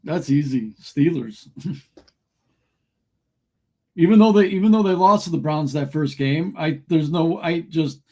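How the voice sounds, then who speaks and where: An easygoing man talking through his game picks, hesitating and weighing his options. His voice sits a little high for a man. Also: measured pace, pauses often. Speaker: podcast co-host. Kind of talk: casual sports chat.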